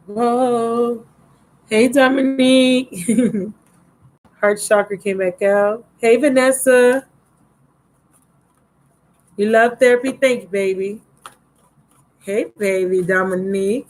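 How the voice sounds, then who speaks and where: A woman's voice: a little high, fairly even intonation, takes it slowly, pauses often, a little mellow, low-quality recording. A woman giving a casual live tarot reading, chatty and affectionate with viewers, a little drowsy, recorded on a laptop mic. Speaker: tarot reader. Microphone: laptop microphone.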